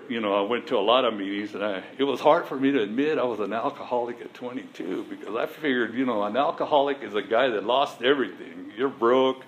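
A middle-aged man sharing his recovery story in blunt street talk, swearing and getting animated as he retells it. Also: mid-range voice, slight background noise, poor audio. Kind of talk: personal story at a recovery meeting.

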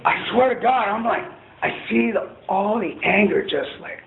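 A man tells his recovery story at a meeting in a high, gravelly voice, swearing freely and checking in with his listeners again and again. The sound is tinny and phone-like, with the echo of a hall around him. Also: moderate pace, noisy background. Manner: animated, swearing, storytelling with repeated "right?". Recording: echoey hall over a tinny phone-like line.

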